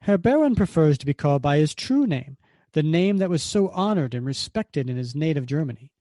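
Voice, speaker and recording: A man's voice: fairly high pitch, lively intonation, fairly quick, dark tone, no room sound, studio quality, natural voice. A man reading aloud as a boastful, cruel male mad scientist, gloating and mocking.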